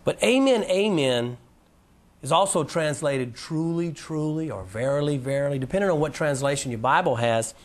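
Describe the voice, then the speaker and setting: A man teaching a Bible lesson in a casual, folksy way, reading scripture in a lower, slower voice. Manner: animated, drops to a low, slow voice for scripture quotes. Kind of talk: presentation lecture.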